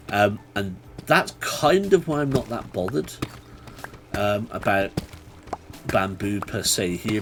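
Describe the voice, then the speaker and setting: A man talks his way through a live game stream, chatty and loose, with a pitch that swings widely as he breaks into excited taunting yells. A faint hiss sits under his voice. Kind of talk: live gaming stream commentary.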